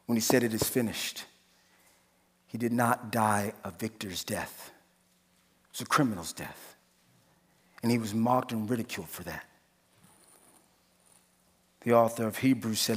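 A man preaching a sermon as pastor, moving between hushed, slow pleading and loud, rising exhortation. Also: fairly low pitch, husky. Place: church sanctuary. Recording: long church reverb.

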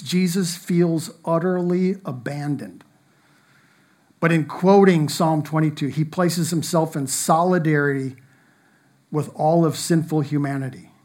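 A man preaching a sermon, reading scripture aloud in an earnest manner, with emphatic rises and soft drops. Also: fairly high pitch. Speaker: pastor.

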